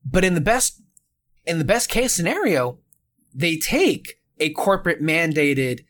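A man co-hosting a podcast, chatting casually and ranting with animated annoyance. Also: a little high, measured pace. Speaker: podcast co-host.

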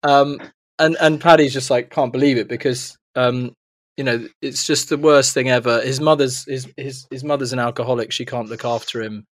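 A man spinning a long, rambling joke for friends, stopping and restarting as he goes and breaking into laughs. His voice sits at an ordinary middle pitch and the sound is dry and close, with no room around it. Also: steady tone, normal speed, dry recording. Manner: rambling, self-interrupting, laughs often. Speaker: joke teller among friends. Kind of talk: casual chat.

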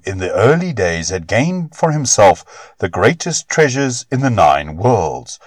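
A man with a low voice reads a storybook tale, his pitch rising and falling with expression. The recording is close and dry, with no room sound. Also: no room sound. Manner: expressive, measured reading. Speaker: narrator. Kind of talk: storybook narration.

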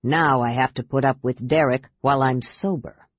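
A woman's voice: rumbling low, steady tone, moderate pace, no room sound, muffled recording, pitched below the performer's own voice. A woman voicing a dry, sardonic male knight in an audiobook. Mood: wry. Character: wry, hard-drinking male knight.

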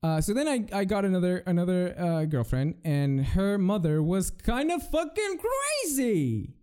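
A man's voice: sits high, big pitch swings, unhurried, dark tone, clean tone. Profane young man ranting on a podcast. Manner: profane, rambling, many restarts. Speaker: podcast host. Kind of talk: casual solo podcast rant.

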